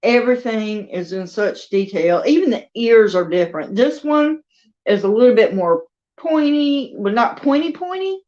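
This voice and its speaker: A crafter and video host chats casually with her viewers from her dining room at home, now and then stopping to talk to her pets. Her mid-range voice is animated and warm, at a moderate pace. The lo-fi recording sounds dull.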